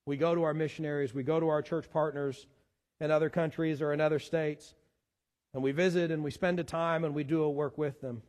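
A man's voice: a little high, fairly even intonation, a little fast, darkish tone, big-room sound. A man preaching a sermon as pastor, earnest and given to repeating words as he searches for the next one. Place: church sanctuary.

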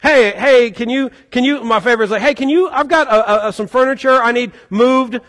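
A man's voice: very high voice, brisk, a bit bright. A middle-aged male pastor preaching a conversational, joking sermon, acting out the voices of the people he quotes. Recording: long hall reverb.

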